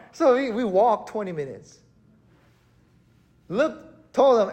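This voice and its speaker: A male pastor preaching a sermon in a church, telling a story with animated, acted-out panic. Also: sits high, unhurried, long pauses. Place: church hall.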